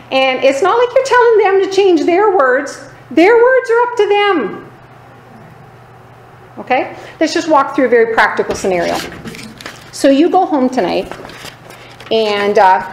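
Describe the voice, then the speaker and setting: A woman teaching a sermon with emphasis, keeps asking her listeners "right?" and drops into lower, quieter voices to act out other people. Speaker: Bible teacher. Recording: echoey room, faint background noise.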